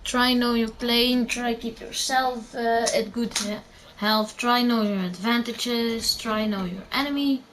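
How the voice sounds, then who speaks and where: Slow-talking teen girl giving game tips. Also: on the high side, fairly even intonation, background noise. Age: teen, under eighteen. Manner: rambling, many fillers and self-corrections. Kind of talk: casual gameplay commentary.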